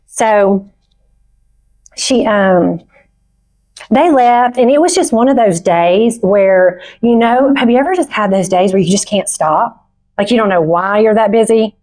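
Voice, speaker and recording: A middle-aged woman on a conference stage, giving a personal testimony in a heartfelt, halting storytelling manner. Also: medium pitch, a little mellow. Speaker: conference speaker. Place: conference stage before an audience.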